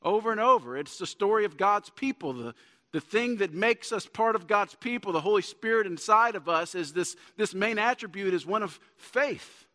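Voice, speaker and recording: This pastor's voice is high, pushed, and bright, animated and at a normal speed. Preaching in a church sanctuary, he earnestly works up to emphatic points amid long church-hall reverb.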